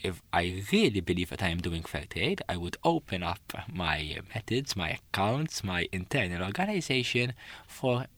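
Deep-voiced man explaining in studio. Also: sing-song, fairly bright tone, no room sound. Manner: measured, explanatory. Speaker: studio guest on fair trade. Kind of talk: radio studio discussion.

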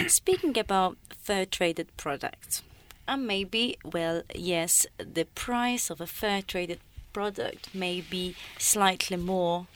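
A woman's voice: lowish voice, a bit bright, slight background noise. A woman hosting a radio talk show, asking questions with hesitant, searching phrasing. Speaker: radio host. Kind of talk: radio studio discussion.

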